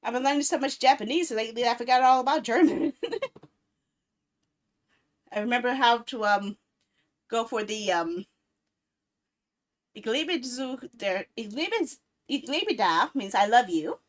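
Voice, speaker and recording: A woman's voice: on the high side, animated, a little slow, pauses often. A woman in her thirties streaming a casual chat, rambling playfully and laughing often. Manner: playful, silly baby talk.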